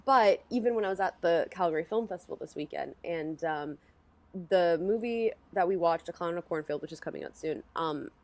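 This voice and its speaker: A woman's voice: lowish voice, brisk. A young woman with a Canadian accent hosting a podcast, giggly and rambling in casual chat. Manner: giggly, rambling with many likes. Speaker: podcast host.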